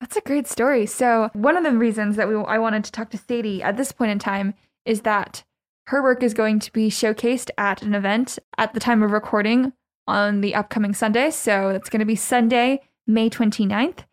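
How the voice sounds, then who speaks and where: A woman with a fairly high voice hosts an interview podcast. She reads her introduction in a clear, measured way and asks her questions plainly. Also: steady tone.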